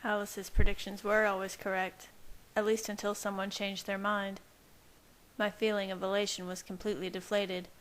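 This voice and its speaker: A woman's voice: mid-range voice, little pitch movement, normal speed, a bit bright. Woman reading fan fiction. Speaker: audiobook reader.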